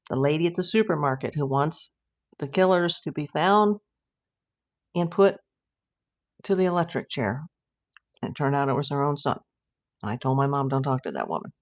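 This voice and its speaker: A middle-aged woman hosting a casual livestream, chatting and reading viewer comments aloud in a rambling way. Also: a bass voice. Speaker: livestream host.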